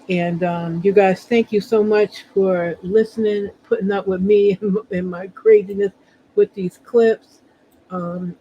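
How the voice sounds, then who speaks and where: A man hosts his own reality-show review podcast, rambling in casual chat full of fillers. His voice sits high but sounds warm and mellow. The recording is dull and lo-fi. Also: slight background noise. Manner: chatty, rambling with many fillers. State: feeling unwell.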